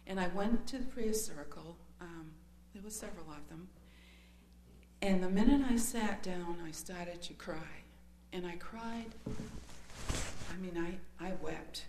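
A woman's voice: fairly low pitch, a little slow, darkish tone. Earnest woman telling her testimony, echoey room. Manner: earnest, hesitant, emotional recounting. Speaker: speaker sharing a testimony. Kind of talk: personal testimony storytelling. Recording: echoey room with faint hum.

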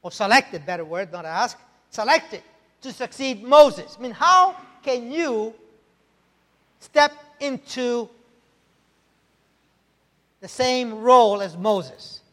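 A man's voice: very high voice, animated, slow, long pauses, fairly bright tone. A male pastor preaching a sermon, emphatic, often checking in with "right?" and rhetorical questions. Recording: long hall reverb.

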